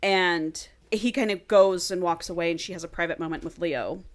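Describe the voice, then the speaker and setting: A woman's voice: on the low side, moderate pace. Chatty woman retelling a steamy book. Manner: chatty, swears freely, acts out dialogue. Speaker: podcast co-host.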